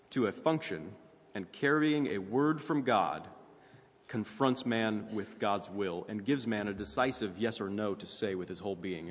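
A man's voice: lowish voice, breathy edge. A man preaching a teaching sermon in a conversational way, with fillers and frequent "right?" asides. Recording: long reverb in a hall.

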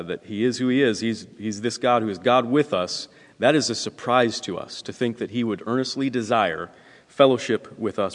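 A pastor preaching a conversational sermon, often asking "right?" and pausing with filler words. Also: male voice, mid-range voice. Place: church sanctuary. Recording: long hall reverb.

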